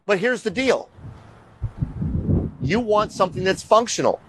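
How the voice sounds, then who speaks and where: A middle-aged man hosts a show as a casual walking tour, speaking animatedly and ramblingly to viewers, whom he often calls "you guys." He has a high, unhurried voice, captured in a low-quality recording with slight background noise.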